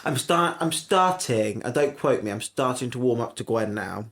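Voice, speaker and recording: A young podcast co-host reviews a TV episode in a mid-range, fairly bright voice with lively intonation and moderate pace. He chats bluntly and swears freely.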